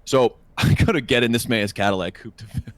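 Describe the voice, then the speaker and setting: A man's voice: mid-range voice, fairly quick, no room sound. A young man telling a long story on a casual podcast, swearing freely and acting out what people said. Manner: animated, profane, acts out quotes. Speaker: podcast co-host.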